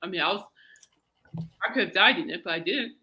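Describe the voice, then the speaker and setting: A woman's voice: on the low side, animated, a little fast, bright, forceful tone. A woman hosting a podcast, chatting casually and rambling through stories. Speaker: podcast host. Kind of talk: casual chat.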